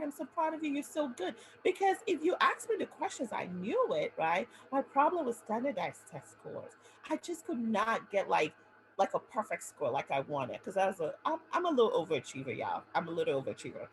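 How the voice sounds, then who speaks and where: A woman doctor talks through a webinar, telling her own story and turning to her audience with "right?" again and again. Her pitch swings widely up and down. A faint hum sits in the background. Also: poor audio. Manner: animated storytelling with frequent "right?" checks to the audience. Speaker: physician and webinar presenter. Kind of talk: motivational webinar talk.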